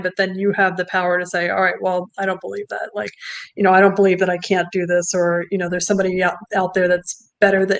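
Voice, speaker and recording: A woman in her thirties co-hosting a podcast, speaking in an even, reflective way. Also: medium pitch. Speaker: podcast co-host. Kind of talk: casual chat.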